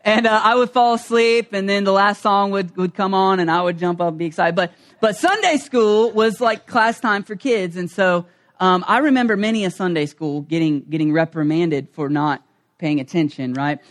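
A middle-aged man preaching a humorous storytelling sermon, animated and acting out the voices in his stories. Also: sits high, normal speed. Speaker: pastor.

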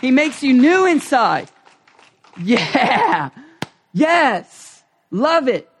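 A male preacher giving a passionate sermon, emphatic and swinging from hushed asides to loud calls, often acting out short prayers and quoted lines. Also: very high-pitched, big pitch swings, very slow, husky.

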